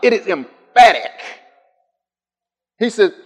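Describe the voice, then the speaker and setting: A man preaching a sermon. He swings between soft, low musing and loud, high calls, and he repeats his phrases in a steady rhythm. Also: normal speed, long pauses, long reverb tail.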